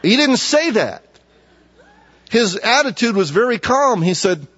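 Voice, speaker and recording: Pastor guy chatting through a sermon, kinda high voice, long echo in the church. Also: lively intonation, takes it slowly, fairly bright tone. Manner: conversational preaching with asides and rhetorical questions. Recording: dull audio with long hall reverb.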